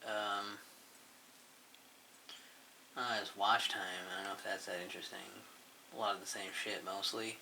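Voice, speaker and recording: A man's voice: lowish voice, little pitch movement, moderate pace, long pauses, pushed and bright, slight background noise. A man casually rambling through a look back at his own channel, mumbling and swearing offhandedly as he goes. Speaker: YouTuber reviewing his channel.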